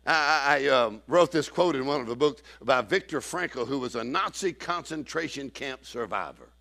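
A man preaching a sermon to a church congregation, emphatic, swinging from shouted declarations to low asides. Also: animated, moderate pace, gravelly.

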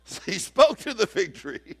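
Shouting, animated preacher man. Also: high-pitched, slightly rough. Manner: animated, acts out quoted people, swings from shouting to hushed. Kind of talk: sermon.

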